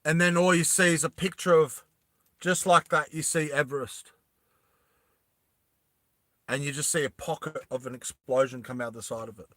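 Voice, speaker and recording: A man casually retelling a movie plot, animated and rambling, often laughing. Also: fairly high pitch, normal speed, long pauses, no room sound, studio quality. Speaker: storyteller.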